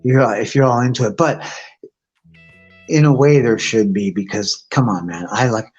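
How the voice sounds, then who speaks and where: A man's voice: mid-range voice, normal speed, husky, muffled recording, faint music behind. A man hosting a live stream, telling rambling profane stories in a casual chat. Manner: crude, rambling, animated storyteller. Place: home, outdoors nearby.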